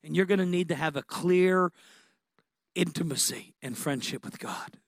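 A man preaching a sermon with passion, his delivery rising to excited peaks and dropping to quiet, intimate moments. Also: a little high, moderate pace, gravelly, no echo. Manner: impassioned, building to excited peaks.

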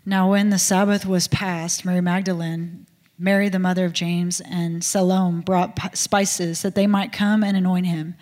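A woman reading scripture aloud in a steady, even manner. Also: lowish voice, normal speed. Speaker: scripture reader. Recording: long hall reverb.

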